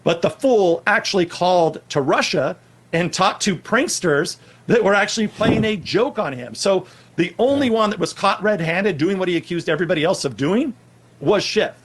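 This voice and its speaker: A man, a guest on a political chat show, telling a story in a steady, assertive way. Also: high-pitched, moderate pace, slight background noise.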